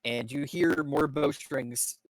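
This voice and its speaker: A man narrating as game master of a tabletop game, halting with many fillers and restarts. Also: fairly high pitch, dry recording, rough recording.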